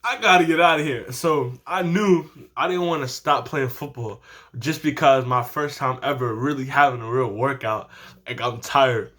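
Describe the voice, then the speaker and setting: A man's voice: medium pitch, unhurried. Teen guy telling a story, slangy. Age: teens. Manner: animated, slangy, laughs often. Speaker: vlogger. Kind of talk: casual story time.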